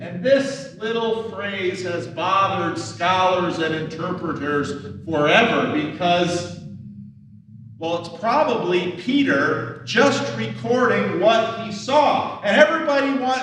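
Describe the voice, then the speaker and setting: A high-pitched man preaches from the pulpit at an unhurried pace, talking to the congregation like a conversation and voicing the questions of the people in the story. He is heard from some distance off the mic, with a long echo ringing through a big church hall. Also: a bit bright. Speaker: pastor. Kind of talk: sermon. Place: church sanctuary.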